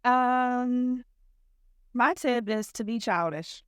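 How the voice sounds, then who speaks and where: A woman guest on a casual podcast chat between moms, relaxed and agreeable. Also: a little high, slow pace, clear, resonant tone, no echo, clean studio sound.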